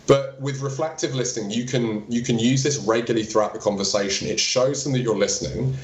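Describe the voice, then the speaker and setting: A chiropractor from England explaining communication techniques in an interview, with practical examples and acted-out patient exchanges. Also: male voice, medium pitch, brisk, roomy sound, poor audio.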